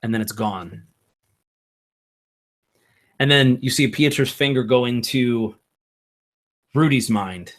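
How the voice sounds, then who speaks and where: A man with a mid-range voice acts as game master for a tabletop game, narrating slowly and haltingly with plenty of fillers.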